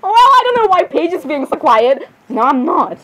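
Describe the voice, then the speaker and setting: This is a woman reacting to drawings in a casual commentary. Her voice sits a touch high and leaps up and down with a very lively melody. She is excitable and giggly, and she keeps breaking into exclamations. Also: moderate pace, low-quality recording. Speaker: video creator reacting to drawings.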